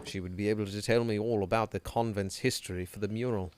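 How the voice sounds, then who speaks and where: A man's voice: on the low side, fairly even intonation, fast, a little mellow, a little hiss or hum. A man streaming a game live, reading dialogue aloud with wry, playful asides. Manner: wry, playful asides between read lines.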